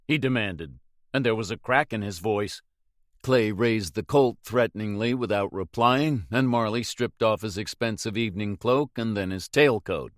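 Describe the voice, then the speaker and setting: A man narrating an audiobook in a measured, dramatic reading. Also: fairly low pitch, no echo, clean studio sound.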